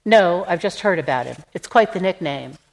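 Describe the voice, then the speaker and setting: A woman voicing a restless, wry heroine who talks quickly in an audiobook. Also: fairly low pitch, expressive, vocal fry, rough recording. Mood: brisk.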